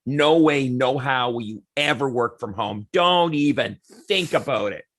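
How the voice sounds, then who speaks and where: A man's voice: mid-range voice, unhurried. A man, a podcast guest, chatting casually and acting out what other people said as he tells stories. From Canada. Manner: animated storyteller who acts out what others say. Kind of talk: casual chat.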